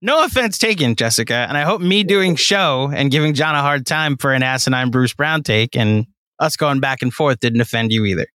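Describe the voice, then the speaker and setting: A man's voice: mid-range voice, fairly quick, hardly any pauses, sharp tone, no echo, clean studio sound. A man co-hosting a sports podcast who teases and jokes with his fellow host in casual banter. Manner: teasing, joking.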